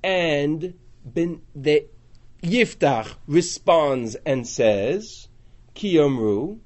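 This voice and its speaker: Animated high-pitched man lecturing. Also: drawn-out words. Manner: animated, acts out voices in quotes, rising and falling in loudness. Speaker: teacher. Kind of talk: lecture on a biblical book.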